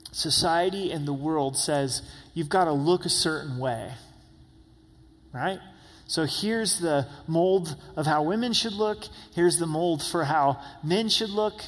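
A man preaches a sermon in a slightly high voice that rings out with a long echo. He lifts his voice for emphasis and drops it low when he voices the people he quotes. The sound is that of a large hall. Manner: preaching with emphatic rises, voicing God and Moses in quotes. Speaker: pastor.

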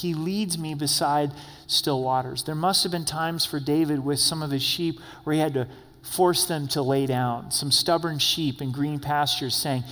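A man's voice: a little high, fairly bright tone. A male pastor delivering a sermon, reading scripture aloud verse by verse and addressing the congregation directly with light humor. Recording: long echoey hall reverb.

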